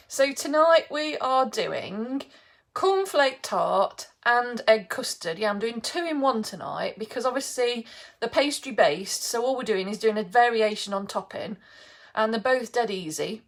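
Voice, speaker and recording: Middle-aged english lady chatting away on her live bake-along, bit high, laughs a lot. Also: expressive, measured pace. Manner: chatty, greets viewers by name, laughs often. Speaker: live baking host. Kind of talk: casual live-stream chat.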